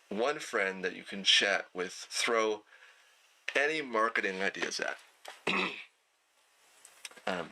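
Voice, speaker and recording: A man teaching an online night class in a relaxed, conversational way, with plenty of fillers and throat clearing. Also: lowish voice, rough recording. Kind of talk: casual lecture.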